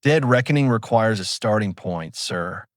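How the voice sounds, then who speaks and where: Man reading navigator, urgent, breathless, lively pitch. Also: moderate pace, no echo, studio quality, close to an everyday voice.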